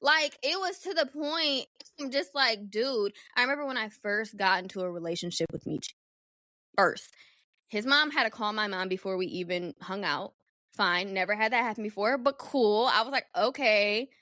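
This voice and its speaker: A young adult woman hosting a solo podcast, telling a personal story in a candid, animated, profane way. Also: mid-range voice, no echo, clean studio sound. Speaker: podcast host.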